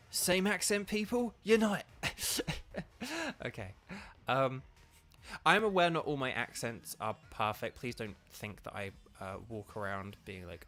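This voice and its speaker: A man's voice: lowish voice, measured pace, bright, forceful tone, faint music behind. A man from England, chatting casually as he streams a game, rambling with lots of fillers and restarts. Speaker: streamer and voice actor. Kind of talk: casual let's-play commentary.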